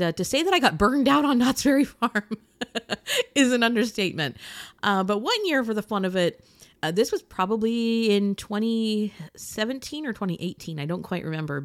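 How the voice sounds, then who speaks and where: A woman from Southern California chatting casually as she tells a personal story, animated and laughing often. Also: mid-range voice, dry recording. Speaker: audio blogger.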